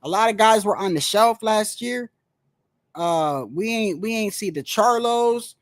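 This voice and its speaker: A man's voice: high voice, measured pace, dry recording, studio quality. A man talking casually about boxing in a rambling, slangy, profane way. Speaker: boxing commentator. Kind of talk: casual solo boxing talk.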